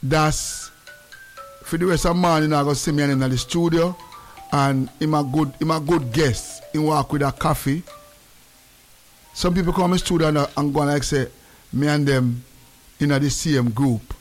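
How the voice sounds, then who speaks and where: A man's voice: fairly high pitch, moderate pace, long pauses, soft background music. A man hosting a casual radio chat, slipping between patois and English. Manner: animated, mixes patois and English. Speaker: radio host.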